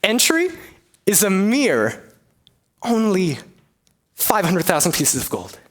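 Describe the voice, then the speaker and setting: A man's voice: high-pitched, huge pitch swings, takes it slowly, full character voice. A man voicing a flustered woman herald who makes pompous, stumbling proclamations. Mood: proclaiming.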